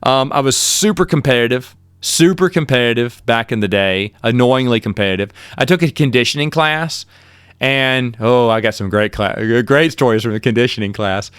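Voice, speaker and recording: A middle-aged man, host of his own podcast, casually telling rambling, self-deprecating stories and jumping up high in pitch when he quotes himself. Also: moderate pace, clear, resonant tone, no room sound, studio quality. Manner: animated, with sudden jumps in pitch when quoting himself. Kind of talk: casual storytelling.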